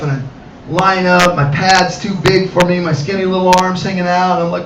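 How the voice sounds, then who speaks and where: Animated male stand-up comic with a high voice, recorded from a distance in a cafe. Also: brisk, vocal fry, highs cut off. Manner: animated, acts out voices, addresses the audience. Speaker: stand-up comedian. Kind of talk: live stand-up comedy. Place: cafe comedy night. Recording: roomy, distant mic, loud background noise.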